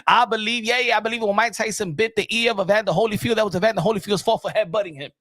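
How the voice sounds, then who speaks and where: High-voiced blunt man ranting about boxing. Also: fairly even intonation, very fast, fairly bright tone, no room sound, studio quality. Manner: blunt, profane, repeats words and restarts. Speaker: boxing podcast host. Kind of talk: casual opinion rant.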